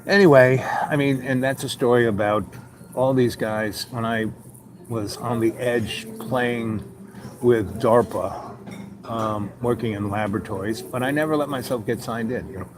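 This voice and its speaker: A man's voice: medium pitch, unhurried, noisy background. A man hosting his own show, talking in a loose, meandering monologue full of "you know" asides, sometimes acting out little conversations. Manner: acts out little dialogues with raised voice. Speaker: show host. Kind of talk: rambling casual monologue.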